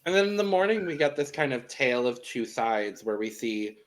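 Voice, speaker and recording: A man co-hosting a podcast, recapping a reality show in chatty, expressive casual talk. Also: mid-range voice, a little fast. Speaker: podcast co-host.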